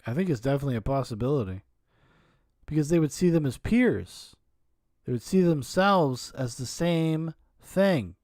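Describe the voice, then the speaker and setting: A man's voice: a little high, lively intonation, normal speed, a little mellow, no room sound, studio quality. A male podcast host riffing crudely and sarcastically while reacting to a documentary. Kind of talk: commentary on a documentary.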